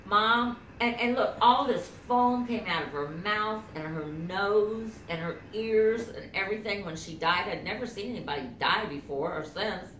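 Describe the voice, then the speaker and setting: A middle-aged woman telling family memories in a halting, casual way, full of fillers and acted-out quotes. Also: medium pitch, a bit bright, roomy sound, slight background noise.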